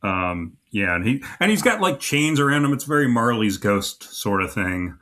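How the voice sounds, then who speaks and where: A man's voice: mid-range voice, sing-song, moderate pace, crowd noise. A man co-hosting a comedy podcast, recapping sketches with dry, wry banter. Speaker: podcast co-host. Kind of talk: casual comedy podcast chat.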